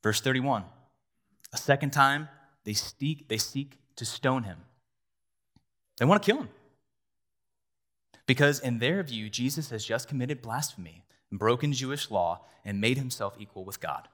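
A man's voice: medium pitch, fairly bright tone. A man in his thirties, a pastor preaching an earnest, conversational sermon with asides to the congregation.

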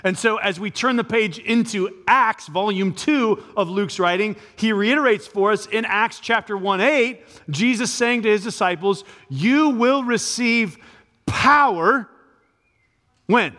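A man's voice: high voice, normal speed, hardly any pauses, a bit bright. A man preaching a sermon as pastor, talking conversationally and building to emphatic peaks. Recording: long reverb of a large hall.

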